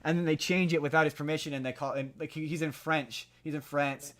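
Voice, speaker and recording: A man's voice: fairly high pitch, fairly even intonation, fairly quick. A young man co-hosting a podcast, recapping a movie in a rambling, heated way with many restarts. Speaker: podcast co-host. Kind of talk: casual movie review chat.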